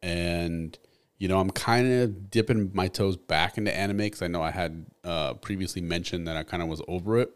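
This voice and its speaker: A man's voice: low voice, normal speed, smooth. A man co-hosting a casual podcast chat with an easygoing, slangy manner who sometimes gropes for words. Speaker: podcast co-host.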